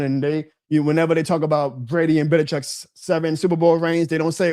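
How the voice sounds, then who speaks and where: A man rants fast and hot, swearing freely and pitching his voice high when worked up. He hosts a sports stream and sinks into grumbling mutters between outbursts. The sound is dry and close. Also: flat delivery, no room sound. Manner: fiery, profane, loud and indignant, dropping into low mutters. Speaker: host of a live sports stream. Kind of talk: ranting sports commentary.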